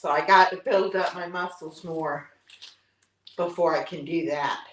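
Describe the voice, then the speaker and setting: A woman's voice: fairly low pitch, steady tone, unhurried, slight background noise. A woman, hosting a live workout stream, counting reps between breaths. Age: 60s. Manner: breathless, upbeat counting with whoops. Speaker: fitness vlog host. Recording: echoey room, mic at a distance.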